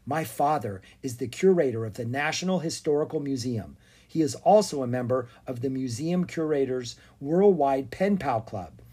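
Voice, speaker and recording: A storybook reader voicing a bold, brisk young girl who takes charge. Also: mid-range voice, animated, dark tone, husky. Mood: chatty. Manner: brisk, commanding. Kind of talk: storybook read-aloud.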